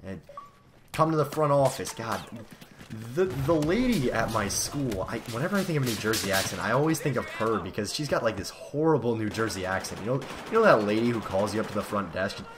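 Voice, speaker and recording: A man's voice: fairly low pitch, animated, fast, few pauses, background noise. A teenage boy giving casual, rambling, self-deprecating commentary over gameplay. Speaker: gaming commentator. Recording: game gunfire loud behind. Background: video game gunfire.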